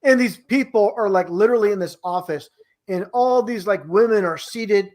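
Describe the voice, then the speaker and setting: A man's voice: sits high, normal speed, a little mellow. Guy rambling on in a chat, lots of restarts, sounds incredulous. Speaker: guest. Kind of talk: casual conversation.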